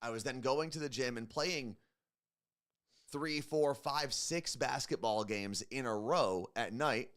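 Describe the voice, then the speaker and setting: A man's voice: mid-range voice, takes it slowly. A man co-hosting a morning radio show, chatting casually and rambling with lots of fillers. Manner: relaxed, rambling, many fillers.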